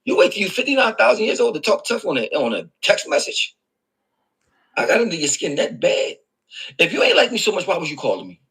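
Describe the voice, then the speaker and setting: Brief: Philly-man, sharp raspy voice, high and swooping pitch, taunting rant. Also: sing-song, fast, rough recording. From Philadelphia. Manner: mocking, repetitive, sarcastic. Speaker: rapper in an online feud.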